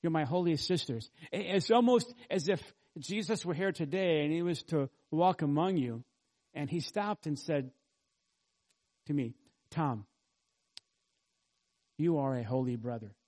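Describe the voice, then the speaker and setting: A man's voice: on the high side, moderate pace, a little mellow. A man pastor preaching an expository sermon, earnestly teaching and asking the congregation rhetorical questions.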